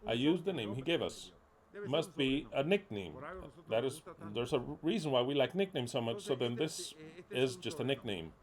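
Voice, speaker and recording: A man's voice: medium pitch, expressive, moderate pace. A man preaching a sermon in an emphatic, blunt way, repeating key words and sometimes swearing.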